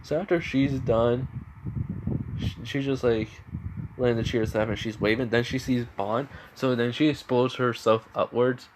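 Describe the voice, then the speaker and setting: A man's voice: medium pitch, steady tone, normal speed, slight background noise, poor audio. A man casually retelling his fan story at home, rambling with many restarts. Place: home room with a fan running.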